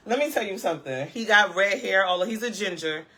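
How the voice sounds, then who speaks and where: Sassy, emphatic woman vlogger, bright voice. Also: mid-range voice, a little fast. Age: adult, parent of a school-age child. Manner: sassy, emphatic, punctuates points with "okay?" and laughs. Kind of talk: casual live-chat commentary.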